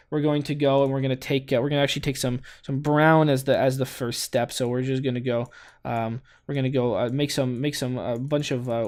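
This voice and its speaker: A man hosting a gaming channel, giving a playful mock art tutorial with halting restarts and cheerful self-praise. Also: medium pitch, darkish tone. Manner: halting, many restarts, cheerfully praises his own work.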